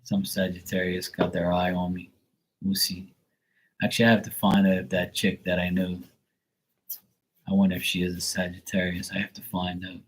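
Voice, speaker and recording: A man's voice: deep voice, breathy edge, low-quality recording. A man hosting a casual livestream tarot reading, joking and swearing as he reads the chat aloud. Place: Bermuda.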